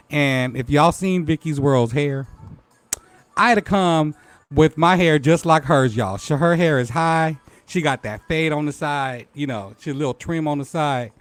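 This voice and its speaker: A man hosting a live-stream talk show, playful and joking, greeting viewers by name between laughs. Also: a little high. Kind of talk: casual live-stream chat.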